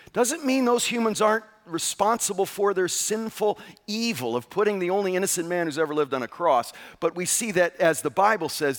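A man delivering a sermon in a lively, sing-song way, his voice rising and falling widely. He sits a little high and presses each point home with rhetorical questions. A long reverb trails each phrase through the large room. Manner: animated, emphatic, asks rhetorical questions. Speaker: pastor.

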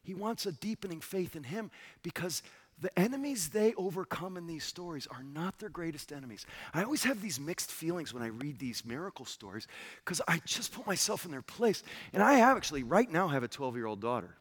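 Husky, lively pastor preaching a sermon. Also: male voice, fairly high pitch, a little fast. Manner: tender, dropping to a soft hush for quoted words.

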